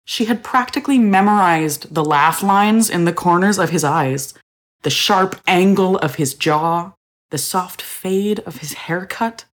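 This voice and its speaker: Low-voiced woman narrating a story. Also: a little slow.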